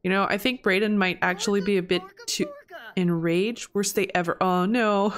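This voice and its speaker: A young woman giving casual, chatty commentary over gameplay and reacting loudly in disbelief at surprises. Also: medium pitch, moderate pace. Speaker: gameplay video host.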